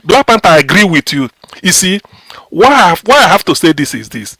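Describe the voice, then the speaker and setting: Nigerian man, Pidgin-tinged, rambles with restarts, high voice, dry sound. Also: very animated, a little fast, bright, forceful tone, husky, no room sound. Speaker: discussion participant. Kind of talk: live-stream debate.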